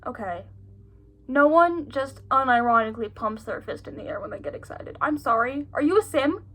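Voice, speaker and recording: High-voiced young woman, sarcastic. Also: lively intonation, normal speed, fairly bright tone. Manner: sarcastic, giggly, incredulous asides. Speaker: vlogger reading her childhood stories. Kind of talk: reading aloud with running commentary.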